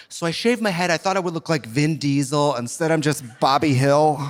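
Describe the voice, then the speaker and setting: A man's voice: on the high side, expressive, brisk, few pauses. A man performing stand-up in drag, campy and sardonic, often mocking people in quoted voices. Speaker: drag comedian. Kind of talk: stand-up comedy. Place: live comedy venue with audience laughing. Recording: live show with loud crowd noise.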